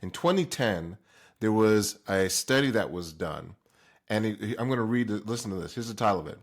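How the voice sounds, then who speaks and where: Man from Jamaica, fairly low voice, hosts a motivational talk, punchy questions aimed at the audience. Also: lively intonation, normal speed. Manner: emphatic, fires rhetorical questions at the listener. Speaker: host.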